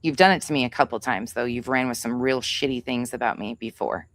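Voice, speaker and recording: A woman's voice: rumbling low, fairly quick. Angry profane woman ranting on a livestream. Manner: reads chat names aloud. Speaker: livestream host. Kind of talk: heated livestream rant.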